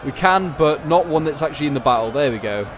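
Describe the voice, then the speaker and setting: A man's voice: fairly high pitch, animated, quick pace, noisy background. A man giving casual, chatty commentary over a strategy game battle, thinking aloud with many fillers and restarts. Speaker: gaming commentator.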